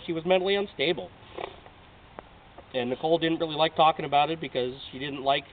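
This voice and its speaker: A man in his late thirties from Oregon in the United States pleads earnestly and emotionally in a heartfelt audition video for a reality show. His voice is a little high and recorded from a distance, so the audio is tinny and lo-fi with a faint hiss.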